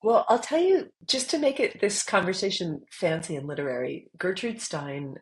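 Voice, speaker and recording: Low voiced woman guest, animated storyteller, laughs a lot, gets squeaky when excited. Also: normal speed, rough recording. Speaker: author guest. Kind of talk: casual storytelling interview.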